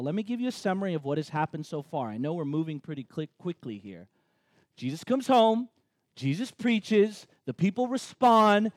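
Guy preaching, lively and joky, high voice jumping all over, dry close sound. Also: dry recording. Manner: animated, joking asides, acts out crowd reactions. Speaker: pastor. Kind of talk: sermon.

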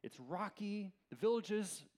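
Male pastor, slightly higher voice, conversational and animated sermon delivery. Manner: opens in a soft, slow prayer.

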